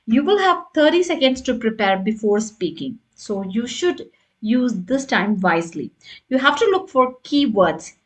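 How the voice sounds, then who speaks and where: A woman's voice: on the high side, very animated, a little slow. A woman teaching an online lesson as a tutor, explaining step by step and often checking in with "right?" and "got it?". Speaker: English test tutor.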